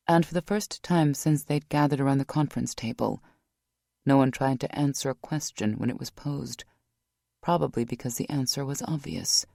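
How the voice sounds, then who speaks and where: A man narrating an audiobook thriller in a measured, even reading. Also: mid-range voice, vocal fry, no echo, clean studio sound.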